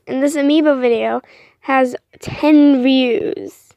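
A young woman vlogging casually, rambling and apologizing a lot between lots of fillers, with excitable bursts. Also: high-pitched, measured pace, no room sound, clean studio sound.

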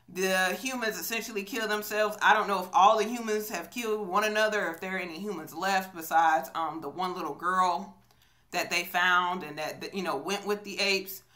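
A woman's voice: mid-range voice, pushed and bright. A woman chatting casually in a movie review vlog, storytelling with many fillers, filmed on a phone on a selfie stick. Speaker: vlogger.

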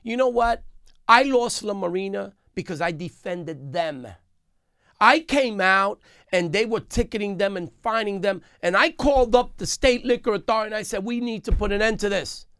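A man's voice: high-pitched, moderate pace, clean tone, dry recording. A man, a business owner, giving an impassioned, emphatic interview into a studio microphone. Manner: emphatic, grows heated and forceful. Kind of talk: impassioned radio interview talk. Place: radio studio. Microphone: studio mic.

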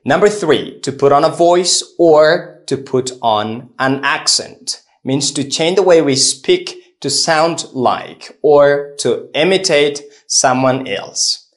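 A man teaching an English phrasal verb lesson, reading out explanations and lists of example sentences slowly and deliberately. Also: on the high side, expressive. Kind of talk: scripted lesson narration.

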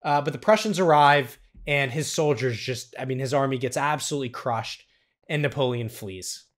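A man's voice: medium pitch, normal speed, fairly bright tone. A man co-hosting a podcast, retelling a film's plot in a casual, enthusiastic way with loose fillers. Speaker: podcast co-host. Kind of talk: casual film recap.

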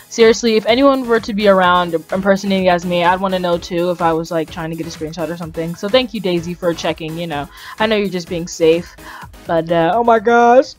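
Chatty excitable woman gaming YouTuber. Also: lowish voice. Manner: chatty and excitable, rambling, often laughing. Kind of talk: casual game commentary.

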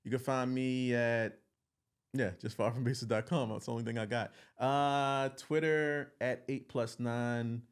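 A man who is a guest on a podcast, talking in casual chat in a playful, joking, animated way. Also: medium pitch, a little slow, clean tone.

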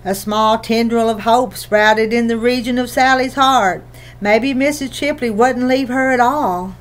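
A woman narrates a children's novel in a gentle, even storytelling manner. Her voice sits a little high. She reads at a steady, unhurried pace. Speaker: audiobook reader.

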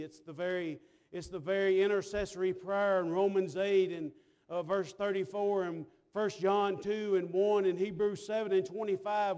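A man preaching a sermon in a church, folksy and telling stories, his voice dropping to a hush and rising loud. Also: high-pitched. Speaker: pastor. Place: church sanctuary.

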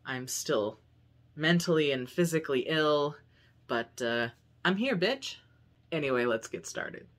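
A young man talks casually to his camera at home in a vlog. His voice sits at a middle pitch for a man. He is chatty and upbeat, rambling along with plenty of fillers. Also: measured pace, fairly bright tone. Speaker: vlogger. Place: home room.

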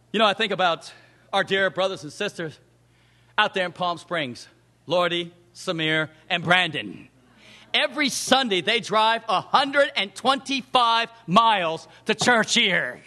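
Brief: animated male preacher, bright and forceful, high-pitched, delivering a sermon. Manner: animated, acts out the quoted voices in the scripture story.

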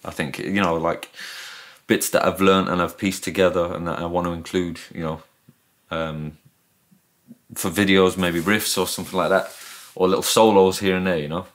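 A man's voice: low-pitched, steady tone, normal speed. A man with a northern English accent, chatting casually as a guest in an interview, modest and rambling. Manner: modest, self-deprecating, rambling. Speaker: guest guitarist.

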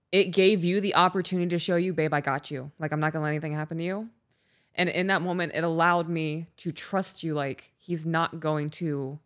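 Casting note: woman podcast co-host, low-ish voice, candid and emotional, casual and profane. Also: a bit bright. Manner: candid, emotional, swears freely. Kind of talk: casual chat.

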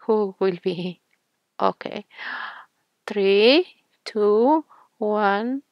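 Slow, soft-spoken woman narrating gameplay. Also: medium pitch, dry recording, muffled recording. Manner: soft-spoken, slow, with frequent fillers and small laughs. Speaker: gaming channel host. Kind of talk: casual gameplay commentary.

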